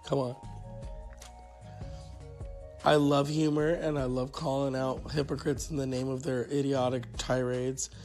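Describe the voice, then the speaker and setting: A man's voice: medium pitch, little pitch movement, normal speed, a little mellow, soft background music. A man hosting a solo podcast, ranting in a sarcastic, profane, rambling way. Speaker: podcast host. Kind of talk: casual solo podcast rant.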